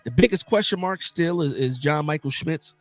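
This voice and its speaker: A man hosting a live sports talk stream, animated and emphatic, who repeats himself to drive each point home. His voice sits high and the sound is close and dry, with faint music underneath. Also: moderate pace, no room sound.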